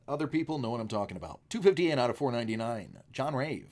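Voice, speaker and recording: A man hosting a live card break, chatty and joking, his voice a little rough from screaming, clearing his throat often. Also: medium pitch, lively intonation, fast talker.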